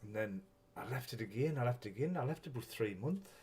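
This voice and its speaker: A man's voice: mid-range voice, animated, fast, a little mellow. A man hosting a casual live stream, rambling, swearing freely and chuckling often as he greets viewers.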